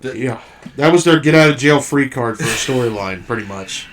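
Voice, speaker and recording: A man's voice: medium pitch, lively intonation, moderate pace, echoey room, far from the mic. A man co-hosting a casual wrestling podcast, swearing freely and laughing often. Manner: swearing, laughing, mimics voices. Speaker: podcast co-host.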